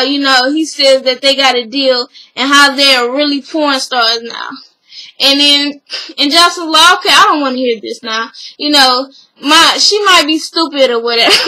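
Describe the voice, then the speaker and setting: A woman's voice: high voice, bright, forceful tone, rough recording. A young woman talking casually and bluntly as a vlogger, acting out quotes and swearing freely as she recaps.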